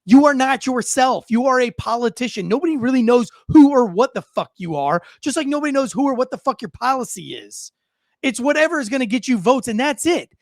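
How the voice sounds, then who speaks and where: A man with a very high-pitched voice rants as podcast host, heated and profane. He stumbles and repeats himself as he works himself up. The sound is dry and close. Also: lively intonation, a little fast, no echo. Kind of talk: ranting commentary.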